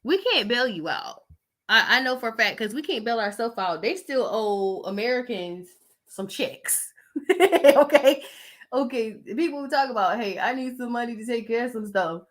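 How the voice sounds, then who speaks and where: A woman's voice: fairly high pitch, animated, normal speed. A woman in her thirties giving casual commentary on news stories, blunt and emotional, sighing often as she reads. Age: 30s. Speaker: vlogger reading the news.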